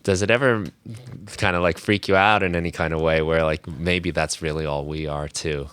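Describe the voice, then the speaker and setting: A man's voice: a bass voice, steady tone, normal speed, a bit bright, smooth, no room sound. A man hosting a podcast, asking curious questions and thinking aloud with restarts. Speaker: podcast host. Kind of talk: casual interview talk.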